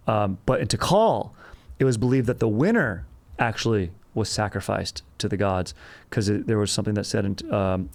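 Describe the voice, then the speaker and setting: A man's voice: lowish voice, creaky, darkish tone. Laid-back, joking man hosting a podcast. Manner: loose and jokey, with many fillers and crude asides. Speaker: podcast host. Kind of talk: casual history podcast chat.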